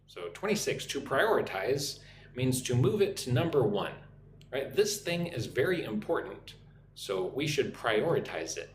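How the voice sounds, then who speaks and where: Lively American man teaching English live. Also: mid-range voice, reverberant, a little hiss or hum. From United States. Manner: reads viewer comments aloud and explains vocabulary; drills pronunciation slowly, syllable by syllable. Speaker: English teacher hosting a livestream. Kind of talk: live online English lesson. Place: home room with a loud air conditioner.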